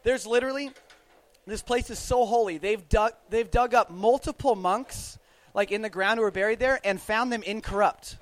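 A young man telling a travel story to a live audience in a casual, animated way, full of fillers and restarts. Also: high voice, normal speed. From United States. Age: young adult.

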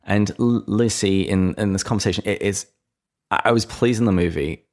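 A man's voice: lowish voice, moderate pace. A man hosting a casual book discussion podcast, earnestly retelling scenes and reading passages aloud. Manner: earnest, reads quotes with gentle emphasis. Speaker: podcast host.

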